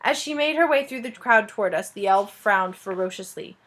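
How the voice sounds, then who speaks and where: A woman reading a children's fantasy book aloud in a lively, expressive way. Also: mid-range voice, normal speed. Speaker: reader. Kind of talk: storybook read-aloud narration.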